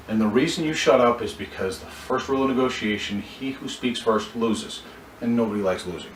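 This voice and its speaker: A man's voice: on the low side, brisk. Echoey, distant male sales trainer. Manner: coaching, role-plays dialogue, frequent restarts. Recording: echoey room from far off, faint background noise.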